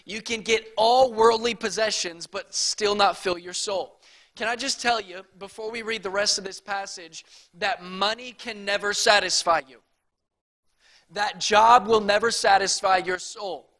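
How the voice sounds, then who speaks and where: Male guest preacher, thirties, high bright voice, conversational sermon that rises to passion. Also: moderate pace. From Texas. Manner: chatty storytelling, builds to passionate preaching.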